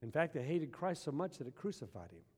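A man's voice: fairly high pitch, sing-song, fast talker. A man preaching a sermon with emphasis, often posing rhetorical questions to his congregation. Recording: long hall reverb.

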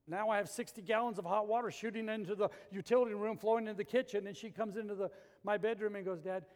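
High-pitched middle-aged guy preaching, goes quiet then gets loud, lots of hall echo. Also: steady tone, quick pace. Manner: storytelling preacher, swings from hushed to loud. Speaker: pastor. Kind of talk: sermon. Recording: long hall reverb.

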